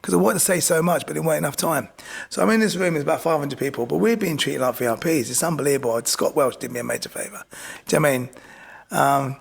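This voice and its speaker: A man's voice: a little high, fast, gravelly, slightly rough. A middle-aged man, a boxing coach telling stories as a guest in casual chat, often asking "do you know what I mean". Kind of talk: casual storytelling.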